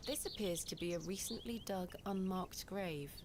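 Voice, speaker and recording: A woman's voice: mid-range voice, normal speed, noisy background, natural voice. A woman voicing a composed British investigator. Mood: calm. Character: composed female investigator exploring a churchyard. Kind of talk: video game character dialogue.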